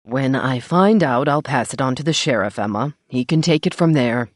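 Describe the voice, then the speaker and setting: Lady doing a calm careful doctor guy, low voice, audiobook. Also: moderate pace, dry recording, clean studio sound. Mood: measured.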